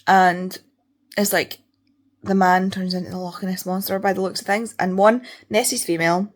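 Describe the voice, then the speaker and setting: A woman's voice: medium pitch, steady tone, moderate pace. A young Scottish woman talking casually in a home reading vlog, chatty and prone to swearing rants. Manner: chatty, ranting, swears freely. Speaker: book vlogger.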